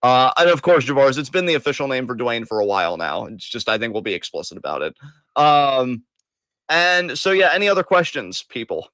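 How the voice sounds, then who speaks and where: A man's voice: medium pitch, big pitch swings, brisk, fairly bright tone, no room sound. A man hosting a casual podcast chat, joking, laughing and swearing casually. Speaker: host.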